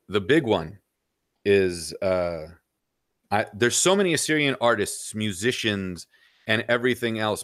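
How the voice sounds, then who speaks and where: A man's voice: medium pitch, fairly bright tone, dry recording, clean studio sound. A middle-aged man talking bluntly and at length as a podcast guest, peppering his points with "you know". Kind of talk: casual opinionated chat.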